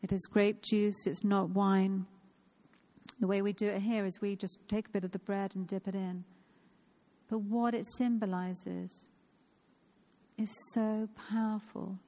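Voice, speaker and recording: A woman's voice: medium pitch, little pitch movement, measured pace, dark tone. A woman of fifty giving an informal, personal sermon in a church, earnest and repeating phrases for emphasis. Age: 50s. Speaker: church speaker.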